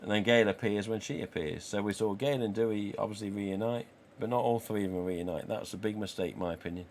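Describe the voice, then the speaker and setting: A man's voice: lowish voice, steady tone, fast, darkish tone, slight background noise. A man in his forties with an English accent, hosting a casual live stream and chatting, swearing freely, and acting out the dialogue he quotes. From England. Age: 40s.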